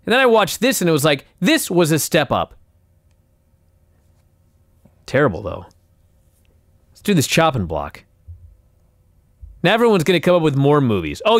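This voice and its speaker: Guy on a podcast, high lively voice, swears a lot, exasperated rant. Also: moderate pace, long pauses, no room sound, clean studio sound. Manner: animated, swearing, exasperated ranting. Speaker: podcast co-host. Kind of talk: casual profane chat.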